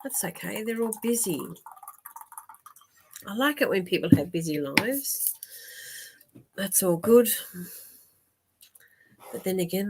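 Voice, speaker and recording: A woman's voice: mid-range voice, slight background noise. Woman, psychic host on a live stream; casual, giggly, rambling. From Australia. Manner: chatty, warm-hearted, laughs often, many fillers and restarts. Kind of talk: live-stream reading, chatting with viewers.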